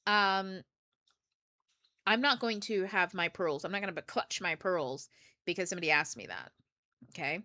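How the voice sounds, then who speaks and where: A woman hosts a casual book club stream with a bright, forceful voice. She talks candidly, peppering her thoughts with swearing and lively asides. The sound is dry and close. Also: lowish voice, moderate pace, pauses often, dry recording. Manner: candid and profane, swears freely; animated, jumps between thoughts and asides. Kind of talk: casual livestream talk.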